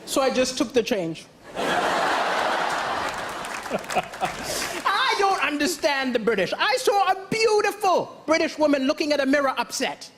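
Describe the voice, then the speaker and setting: A man from Malawi, performing a stand-up comedy routine with deadpan storytelling and sudden loud punchlines on a theatre stage. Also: very high voice, a little slow, pauses often. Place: theatre stage before a live audience. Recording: live show with crowd laughter and noise.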